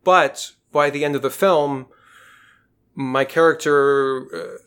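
A man, an actor, talking in a casual podcast conversation, thoughtful and halting with frequent restarts. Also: medium pitch, fairly even intonation, a bit bright, clean tone. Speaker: actor guest.

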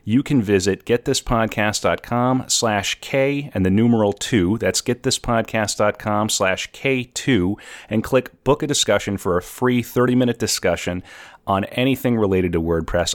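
A man's voice: lowish voice, normal speed, dry recording, studio quality. A man hosting a podcast, chatting casually and laughing easily, recorded in a home setting. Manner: laughs often, easygoing. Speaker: podcast host. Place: home in a city apartment.

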